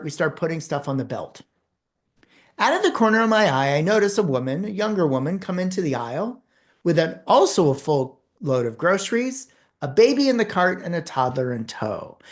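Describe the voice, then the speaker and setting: A woman who works as a speaker and communication trainer, giving a course lecture in an animated storytelling manner with emphatic pauses. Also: deep voice.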